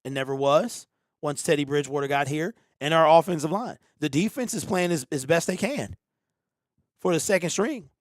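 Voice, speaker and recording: A fairly high-voiced man hosts a live football watch party from a home streaming setup, calling the plays and bantering with his chat. His sound is close and dry, and he flares into exasperated outbursts when plays go wrong. He is from the Detroit area. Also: moderate pace, no echo.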